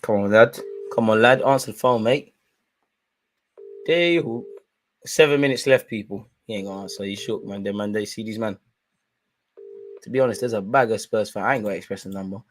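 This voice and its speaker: This is a fairly quick, lowish male voice broken up by long pauses. He's a Londoner in his twenties running a live football watchalong, full of banter, match commentary, and lively stories told in London slang.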